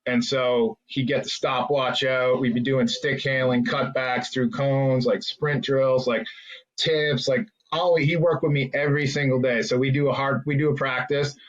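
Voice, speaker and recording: A man's voice: medium pitch, level tone, moderate pace, highs cut off. A man, a former hockey player, rambling through anecdotes as a podcast guest, with many fillers and restarts. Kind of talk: casual storytelling interview.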